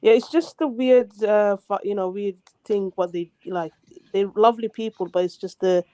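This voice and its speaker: A man in a heated online debate, talking hesitantly with many fillers and a loud voice. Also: high-pitched, moderate pace, clean tone, no room sound, rough recording. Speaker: debate participant.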